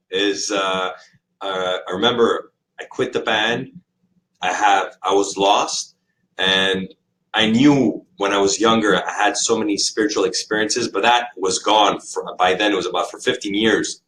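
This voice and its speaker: A man with a very low voice hosts an interview and speaks in a reflective, soft-spoken way. He sounds set back from the microphone, and a faint noise runs underneath. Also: normal speed. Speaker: host. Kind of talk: casual conversational interview. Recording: distant mic with faint noise.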